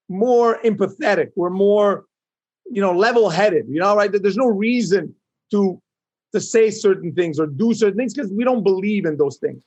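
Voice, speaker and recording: A man's voice: high-pitched, highs cut off. A middle-aged man from Canada, an entrepreneur guest in an interview, talking emphatically and often seeking agreement. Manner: emphatic, animated, seeks agreement with "right?". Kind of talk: interview conversation.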